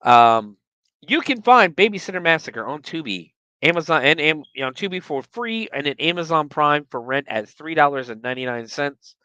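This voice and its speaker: A podcast host whose casual recap swings widely up and down in pitch and keeps slipping into profane rants. The tone is bright and forceful, and the recording is close and dry with no room sound. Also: normal speed, no room sound, highs cut off. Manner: animated, profane, ranting.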